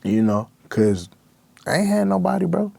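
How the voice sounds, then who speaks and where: A man's voice: high-pitched, sing-song, moderate pace, vocal fry, darkish tone, slightly rough, no echo. A young man, a rapper guest, talking candidly and emotionally in slang-heavy speech. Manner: raw, emotional, slangy with constant "bro". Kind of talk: candid interview talk.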